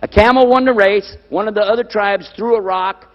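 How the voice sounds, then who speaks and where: A man's voice: high voice, fairly quick. A man preaching on scripture to a live audience, stressing key words again and again and asking his listeners questions. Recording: dull lo-fi recording with long hall reverb.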